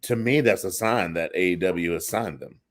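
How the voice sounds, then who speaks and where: Low-voiced man in hesitant chat. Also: moderate pace. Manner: hesitant, repeats himself. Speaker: co-host. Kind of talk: casual wrestling chat.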